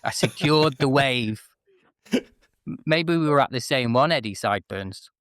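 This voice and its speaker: A man's voice: mid-range voice, expressive, normal speed, fairly bright tone, dry recording, studio quality. A man in his forties from northwest England, a chatty, self-mocking guest telling stories in a casual interview. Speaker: interview guest, former wrestler.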